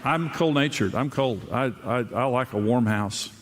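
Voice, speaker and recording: Older man, pastor, sermon, humorous stories, mid-pitched voice, faint crowd noise behind. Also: normal speed, in a large hall. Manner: humorous storytelling, voice jumps up when mimicking others. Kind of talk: sermon on marriage. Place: large room with a live audience.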